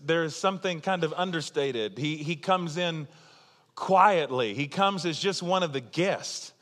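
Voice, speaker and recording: A man's voice: a little high, lively intonation, unhurried, a bit bright, in a large hall. A man preaching a sermon in a loose, conversational storytelling way, full of asides and laughter at his own jokes. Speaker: pastor.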